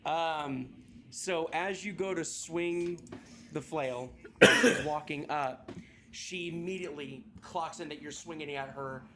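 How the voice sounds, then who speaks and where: Un hombre que dirige una partida de rol de mesa y narra la acción de forma relajada y directa, soltando alguna palabrota. Su voz es algo aguda para un hombre. Se oye ruido de fondo claro en la grabación casera. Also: male voice, a little high, slow, a little hiss or hum. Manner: relaxed, matter-of-fact narration with casual swearing. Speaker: game master. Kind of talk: narrating a tabletop game.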